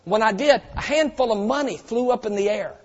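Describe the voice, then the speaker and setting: A man preaching a sermon as pastor, telling stories and swinging from quiet asides to loud shouted lines. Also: sits high, brisk. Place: church auditorium. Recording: dull sound with long hall reverb.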